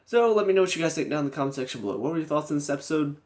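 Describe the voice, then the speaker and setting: A man's voice: on the high side, expressive, racing, darkish tone. Exasperated young man ranting a review. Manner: exasperated, sarcastic, repetitive ranting. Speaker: TV show reviewer.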